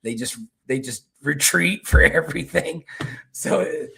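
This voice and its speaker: Kentucky man, raised pitch, gravelly, rambling talk-show host. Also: a little slow, bright, forceful tone. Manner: rambling, repeats and restarts words. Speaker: political commentary host. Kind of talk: casual political commentary.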